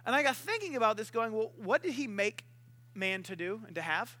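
A man's voice: very high voice, lively intonation, fairly quick, pushed and bright. A man preaching a casual sermon, joking and acting out voices as he tells the story.

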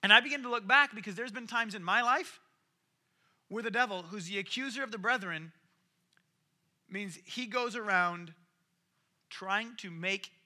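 Animated, bright-voiced male preacher. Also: high-pitched, normal speed, pauses often. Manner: animated, acts out quoted voices, varies loudness widely. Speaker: pastor. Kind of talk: sermon.

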